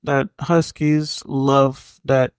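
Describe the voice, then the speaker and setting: A man in his forties co-hosting a podcast, talking in a slow, hesitant way and repeating words as he gathers his thoughts. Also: mid-range voice, flat delivery, clear, resonant tone, no room sound, rough recording. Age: 40s. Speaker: podcast co-host. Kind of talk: casual movie chat.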